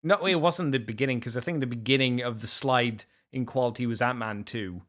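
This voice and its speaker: A man's voice: mid-range voice, brisk, a bit bright. A man co-hosting a podcast, chatting casually with dry quips and hesitant restarts. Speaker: podcast co-host. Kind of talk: casual chat.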